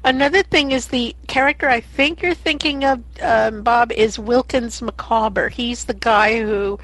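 A woman's voice: on the high side, a little slow, fairly bright tone, poor audio. A woman in a casual group discussion about narrators, speaking thoughtfully with frequent fillers.

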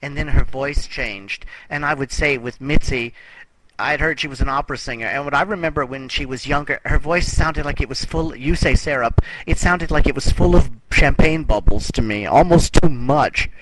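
A man's voice: medium pitch, normal speed, noisy background. A man in a casual group chat, speaking in a thoughtful, musing way. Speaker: book discussion group member.

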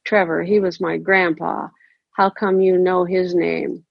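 A woman's voice: fairly low pitch, level tone, measured pace, creaky, husky, dry recording, dull audio, full character voice. A woman voicing a hostile, foul-mouthed older woman who guards her land, with a coarse rural way of talking. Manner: coarse, snarling rural talk.

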